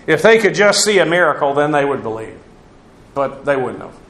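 A man's voice: fairly high pitch, very animated, brisk, a bit bright, reverberant. A man teaching through a Bible passage verse by verse, in a conversational, digressive way with asides on Greek grammar.

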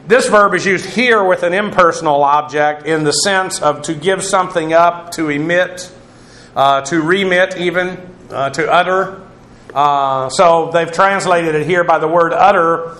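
A man's voice: fairly high pitch, fairly bright tone, echoey room. A man teaching through a Bible passage verse by verse, in a conversational, digressive way with asides on Greek grammar.

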